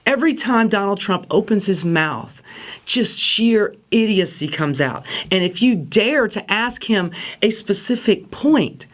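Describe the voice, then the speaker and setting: A woman delivering a casual political rant with a sarcastic, exasperated edge. Her pitch swings widely as she talks, rising and dropping with each point. She sounds fed up and mocking. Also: expressive, measured pace. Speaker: political commentary host.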